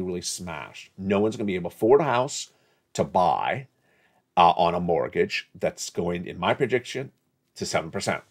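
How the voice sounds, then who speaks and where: Blunt deep-voiced man lecturing viewers. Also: husky. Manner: blunt, lecturing, laughs while scolding. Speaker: channel host. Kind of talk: direct-to-camera economic commentary.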